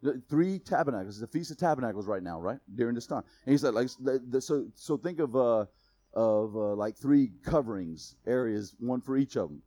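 A man preaching a sermon in a casual, conversational way, laughing at his own asides and swinging between loud emphasis and quiet intensity. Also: mid-range voice, expressive, brisk, no room sound. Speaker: pastor.

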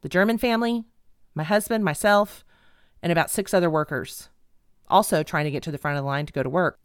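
A middle-aged woman telling a funny personal story in an animated, dramatic, self-mocking way. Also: fairly low pitch, brisk, smooth, no echo, studio quality. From Texas.

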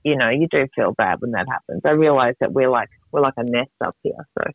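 Woman on a tinny phone call, lively ups and downs, tells stories with lots of energy. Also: extremely low pitch, fairly quick, no room sound. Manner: animated storyteller. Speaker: podcast guest on a call. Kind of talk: casual chat. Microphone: phone or video call.

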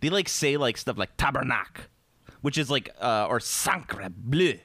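A man's voice: medium pitch, measured pace, no echo. A man with a Midwestern American accent, co-hosting a podcast and telling rambling, joking stories in casual chat. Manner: rambling storyteller, animated and joking. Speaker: podcast co-host.

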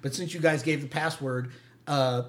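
A game master narrating a tabletop role-playing session in a lively, joking way, often breaking into laughter. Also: mid-range voice. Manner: lively, laughing, quick asides.

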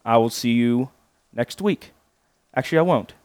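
A man's voice: mid-range voice, normal speed, a little mellow, dry recording. A young man hosting a podcast, rambling in a crass, mocking comedic monologue. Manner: crass, mocking, rambling with sung comic verse. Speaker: podcast host.

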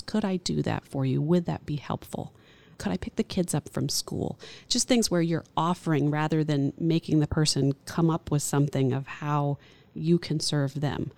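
A woman hospital chaplain speaking as an interview guest, gentle and earnest, often restarting phrases. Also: low voice, normal speed, gravelly. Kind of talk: reflective interview talk.

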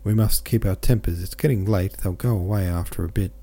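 A dignified merchant consul speaks in a steady, soothing manner, read by a man. His low, mellow voice stays calm and reassuring. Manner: soothing, measured.

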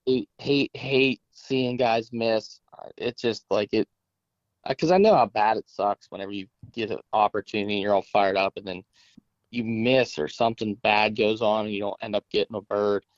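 Low-voiced West Virginia man, reflective. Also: steady tone, no echo, lo-fi sound. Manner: sympathetic, reflective, drawn-out phrasing. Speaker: podcast co-host. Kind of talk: casual podcast chat.

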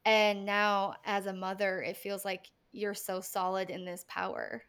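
A woman's voice: mid-range voice, flat delivery, unhurried, a bit bright, clear, resonant tone. A woman hosting an interview, talking earnestly and emphatically in a casual chat, building her points through rhythmic repetition. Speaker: podcast host.

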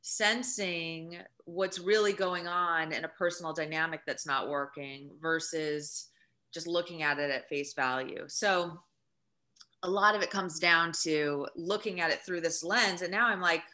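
Earnest woman with a bright, forceful voice. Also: on the low side, a little slow. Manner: earnest, emphatic, explaining with examples. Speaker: guest author. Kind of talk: podcast interview.

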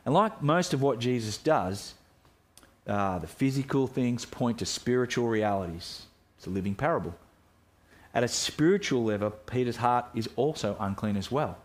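A man's voice: medium pitch, animated, normal speed. A man preaching a sermon as pastor, earnest and reflective, often restarting his phrases.

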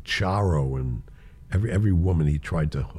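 With a rumbling low, slightly rough voice, an older man tells show-business anecdotes a little fast. He animatedly performs the voices in his stories and laughs frequently in this casual telling.

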